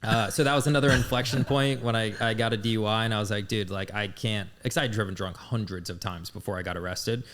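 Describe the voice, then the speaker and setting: A fairly low-pitched man in his thirties shares his story as a podcast guest. He talks in a casual, candid way and swears without a second thought. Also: fairly even intonation, quick pace, few pauses, a bit bright. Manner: candid, blunt, swears freely.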